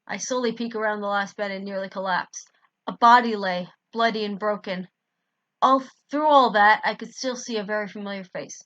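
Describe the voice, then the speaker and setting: Woman reading fan fiction, stops to fix misreadings, bright voice, dry dull lo-fi sound. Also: medium pitch, steady tone, normal speed, no room sound. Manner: stops to correct her misreadings. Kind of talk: amateur story reading.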